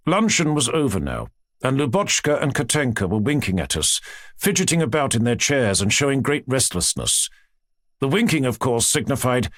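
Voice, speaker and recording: A man reads an audiobook with a husky, slightly breathy voice and a lively, wide-ranging pitch. The recording is close and dry, with no room sound. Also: moderate pace, no echo. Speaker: audiobook narrator. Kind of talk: audiobook narration.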